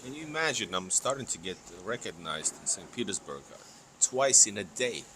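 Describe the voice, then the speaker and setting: A man hosting a casual live stream in English, excitable, restarting his sentences often. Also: lowish voice, moderate pace, slight background noise. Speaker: host of a travel channel.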